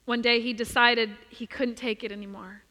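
Woman preacher telling a story in church, bright ringing voice, long echo trailing off. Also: on the high side, moderate pace. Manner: expressive, dropping to soft emphasis. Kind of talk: sermon with storytelling. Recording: long reverb of a large hall.

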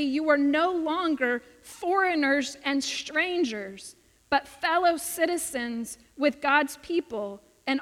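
Speaking slowly and with high pitch, a woman preaches with earnest emphasis. The recording carries a lengthy, sanctuary-like reverb and a fairly bright tone.

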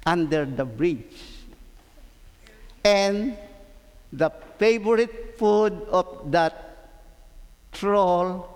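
A man reading a story aloud to children as their teacher, animated and asking them questions as he goes. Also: high-pitched. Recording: long hall reverb.

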